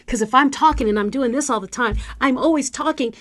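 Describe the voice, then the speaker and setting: Animated woman speaker coach. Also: high voice, brisk, few pauses. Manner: animated, coaching tone with demonstrative asides. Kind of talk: motivational talk to camera.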